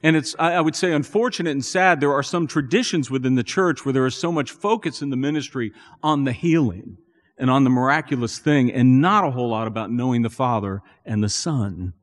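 A man preaching a sermon as a pastor, earnest and building to animated emphasis. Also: medium pitch, a little fast. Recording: long reverb in a church hall.

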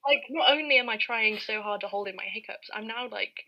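A woman's voice: medium pitch, a little fast, lo-fi sound. A young woman co-hosting a podcast, telling rambling, giggly anecdotes with lots of "like". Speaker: podcast co-host. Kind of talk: casual chat.

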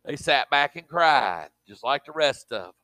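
A man's voice: medium pitch, expressive, moderate pace, sharp tone, dry recording. A man preaching a sermon, emphatic and speaking in a colloquial way to his congregation.

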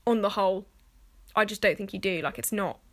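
A woman's voice: medium pitch, a little fast, a bit bright. A young woman, talking casually to camera and filling her speech with "like," cursing freely. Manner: chatty, swears freely, fills speech with "like".

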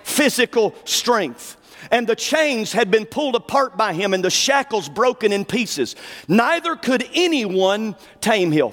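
A male preacher delivering a fervent sermon, dropping to low asides and rising to shouted declarations. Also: sing-song, unhurried, long reverb tail.

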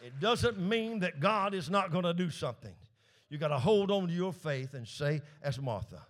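A male pastor, preaching a call-and-response sermon that swings from hushed low asides up to shouted peaks. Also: animated, normal speed.

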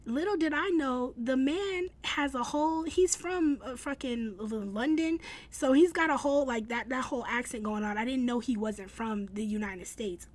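A young woman blogger talks to her viewers in a loose, chatty way. She is upbeat, often restarts her sentences and leans on fillers. Her voice sits fairly high. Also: moderate pace, few pauses. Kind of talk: casual storytelling vlog.

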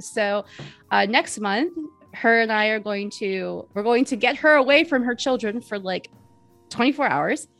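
A woman's voice: medium pitch, moderate pace, a bit bright, no room sound. A woman in her forties chats as a podcast guest, rambling and laughing often, with a mid-range voice. The sound is dry and close. Faint music sits underneath. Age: 40s. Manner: chatty, giggly, rambling with many fillers. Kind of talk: casual interview chat.

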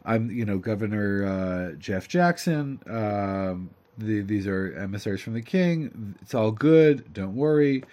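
A pompous local official who is casual about his own importance, as a male storyteller puts him on. His voice drops low and slows into a lazy drawl. He sounds offhand throughout. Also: expressive, mellow.

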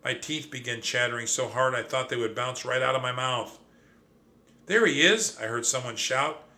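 A man narrating a children's storybook aloud in an expressive, animated way. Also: mid-range voice, fairly quick.

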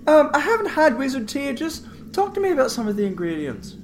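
A man's voice: extremely high pitch, sing-song, fairly quick, faint music behind, voice pushed up, full character voice. A man voicing a cheerful, motherly woman adventurer in a tabletop game, with a doting, sing-song manner. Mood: bright friendly.

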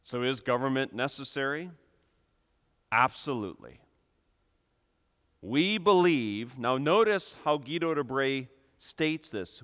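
Emphatic preacher in a reverberant hall. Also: male voice, medium pitch, expressive, slow, long pauses. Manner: emphatic, rising to loud impassioned peaks. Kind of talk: sermon.

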